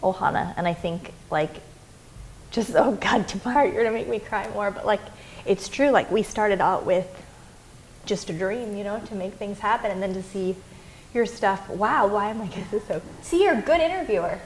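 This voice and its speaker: A young woman guest in a casual interview, telling lively stories and acting out her own quotes. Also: mid-range voice, moderate pace, slight background noise. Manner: animated storyteller, acts out quotes. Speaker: interview guest, adventurer and filmmaker.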